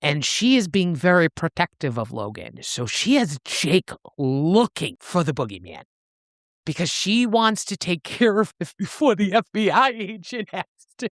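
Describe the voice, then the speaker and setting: A woman co-hosting a book podcast, recapping the plot in an animated, casual way and swearing freely. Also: fairly low pitch, measured pace, no room sound, studio quality. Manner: animated storyteller, swears freely, acts out quotes. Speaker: podcast co-host recapping a novel. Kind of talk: casual book-club chat.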